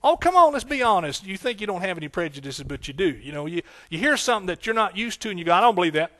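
This preacher's high voice is sing-song, a bit bright, and quick. Delivering a sermon, he repeats himself emphatically and keeps asking his congregation call-and-response questions.

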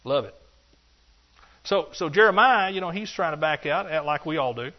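A man preaching a sermon, animated and joking, acting out excuses in a higher voice. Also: normal speed, pauses often. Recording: dull lo-fi sound.

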